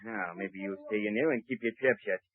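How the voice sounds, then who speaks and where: An actor playing a rough, bullying gangster henchman, in 1940s radio acting. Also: fairly low pitch, a little fast, dry recording, natural voice. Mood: menacing. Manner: tough, bullying slang talk. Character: rough gangster henchman Slip, adult man. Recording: tinny old radio transcription.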